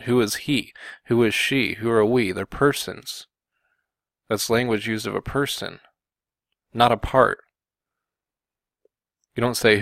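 A man giving combative Bible commentary, often pausing on "okay" and "you know" to press his point. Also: lowish voice, vocal fry, fairly bright tone, no room sound. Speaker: religious video commentator.

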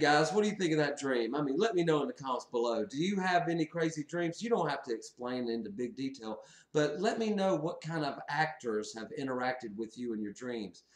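A man tells a wild story straight to his viewers, his voice mid-pitched and easygoing, often breaking into laughter as he goes. The room around him rings with a noticeable echo. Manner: animated, laughs often while recounting. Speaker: channel host. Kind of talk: casual storytelling to camera.

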